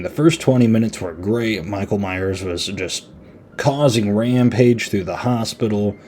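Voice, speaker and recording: A man's voice: lowish voice, dark tone. A man hosting a podcast, giving a casual, rambling horror movie review in a laid-back, chatty way. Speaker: podcast host.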